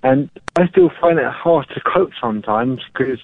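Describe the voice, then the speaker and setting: A male caller to a radio show speaking hesitantly and apologetically, with halting phrasing, over a tinny phone line. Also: mid-range voice, animated.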